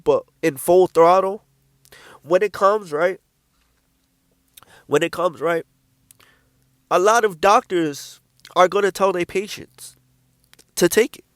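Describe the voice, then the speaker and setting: A man with a high voice for his sex gives a blunt, casual preaching talk. He swears freely and hammers his points home by repeating them. The recording is close-miked and dry. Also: fairly bright tone, no echo. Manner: blunt, profane, repeats himself for emphasis. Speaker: Christian speaker.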